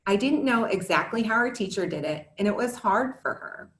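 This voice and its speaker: A woman's voice: medium pitch, expressive, moderate pace, fairly bright tone, reverberant. A woman in her thirties, a former teacher and parent, giving a prepared talk to parents in an earnest, scripted manner with candid asides. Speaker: educator and parent presenter.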